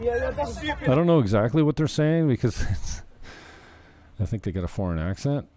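A man's voice: medium pitch, big pitch swings, moderate pace, warm tone, no echo. A man hosting his own show, giving rambling, profane, joking commentary on viral videos. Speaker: show host.

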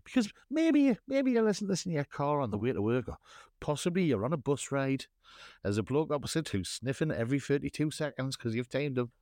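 Lively, theatrical man hosting a podcast. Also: medium pitch, fast talker, dry recording, clean studio sound. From North East England. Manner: theatrical, mock-grand scene-setting. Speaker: podcast co-host. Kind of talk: casual chat.

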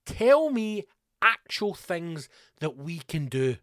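A man's voice: fairly high pitch, big pitch swings, slow pace, a bit bright, no echo, studio quality. A middle-aged Scottish man hosting a podcast, delivering a profane, angry ranting monologue. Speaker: podcast host.

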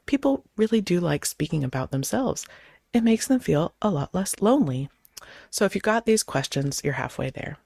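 A woman host in her thirties giving casual advice on conversation, acting out both sides of sample chats in quick changes of voice. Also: lowish voice, lively intonation, vocal fry, a little mellow, no room sound, clean studio sound. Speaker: podcast host; clergy.

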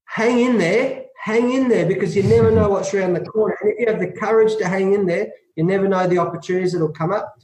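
A man's voice: sits high, quick pace, hardly any pauses, roomy sound, poor audio. A middle-aged Australian man, a former cricketer, telling his story in an interview, acting out dialogue and laughing often. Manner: lively anecdotal, acts out dialogue, laughs often. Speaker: guest, former test cricketer.

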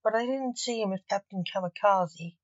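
A woman's voice: medium pitch, normal speed, no room sound, close to an everyday voice. A woman voicing an indignant, middle-aged father in a storybook reading. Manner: indignant, exclaiming. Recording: dull, dry recording.

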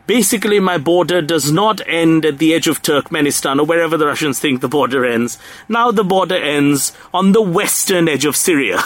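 A man's voice: a little high, brisk, a bit bright. Ironic man in mock-earnest chat. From India. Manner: ironic, mock-earnest, laughs at his own jokes. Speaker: comedy podcast co-host. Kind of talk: satirical comedy chat.

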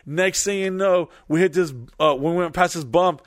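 A man's voice: sits high, moderate pace, no room sound, studio quality. A man telling a rambling, profane story in casual chat.

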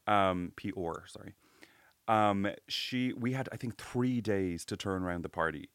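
Low-voiced man, joking podcast chat. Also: clear, resonant tone, dry recording. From Ireland. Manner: animated, swearing, quick jokes. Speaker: podcast co-host. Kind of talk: casual chat.

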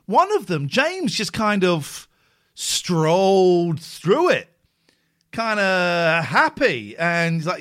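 A man hosting a live call-in show, rambling and jokey in quick bursts. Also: fairly high pitch, fairly bright tone, dry recording, studio quality. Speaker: show host. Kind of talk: casual live show chat.

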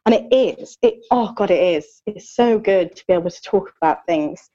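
A woman's voice: medium pitch, expressive, moderate pace, mellow, muffled recording. A woman in her thirties chatting candidly as a podcast co-host, open and talkative with lots of fillers and self-mocking jokes. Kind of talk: candid casual chat.

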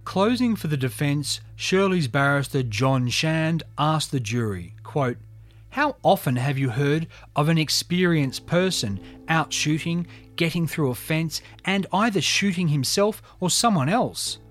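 A man narrating a true crime story, reading court testimony in a measured, subdued way. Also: a little high, lively intonation, soft background music.

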